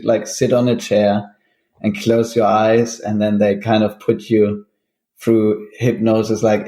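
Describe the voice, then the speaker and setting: A man's voice: on the low side, reverberant. A man, a guest on an interview show, who chats casually and laughs often. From Germany. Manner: laughs often, relaxed with many fillers. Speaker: guest musician.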